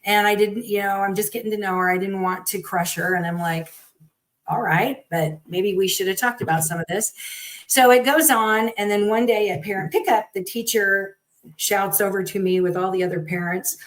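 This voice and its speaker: A middle-aged woman, a guest parent, telling her story in a lively conversational way and acting out what others said. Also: medium pitch, normal speed, rough recording. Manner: animated, acts out quoted people.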